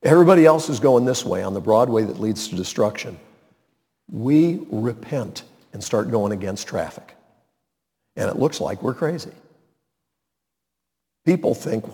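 A male pastor preaching a sermon, swinging his voice high and low and slowing down to stress key words. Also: creaky, long reverb tail. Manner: dramatic swings in pitch and loudness, slows for emphasis.

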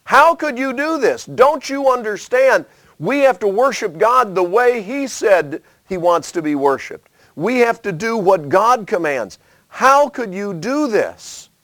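A man's voice: high-pitched, big pitch swings, a little slow, fairly bright tone, dry recording, pitched above the performer's own voice, heavily acted. A man acting out anguished ancient Israelite tribal leaders who plead and reproach in a raised voice.

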